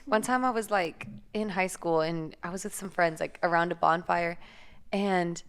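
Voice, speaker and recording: A woman's voice: lowish voice, moderate pace, smooth. A woman in her twenties co-hosting a podcast, telling stories in laid-back casual chat with some swearing. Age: 20s. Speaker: podcast co-host.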